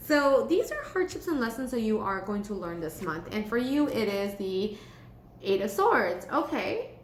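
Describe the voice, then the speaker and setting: A woman's voice: medium pitch, very animated, normal speed. A woman giving a casual tarot reading for a star sign. She is chatty and blunt, with casual swearing. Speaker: tarot reader. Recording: echoey room with faint hum.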